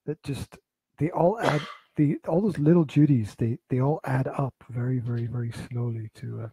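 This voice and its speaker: Male podcast co-host, mellow husky voice, dry close sound, deliberate and wry. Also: mid-range voice, no room sound, rough recording. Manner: slow, halting, repeats words, dry teasing. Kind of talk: casual chat.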